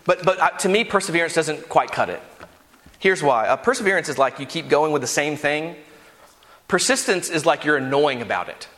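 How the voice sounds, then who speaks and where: High-voiced pastor guy preaching hard, lots of hall echo. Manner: impassioned, rising to near-shouts. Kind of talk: sermon. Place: church sanctuary.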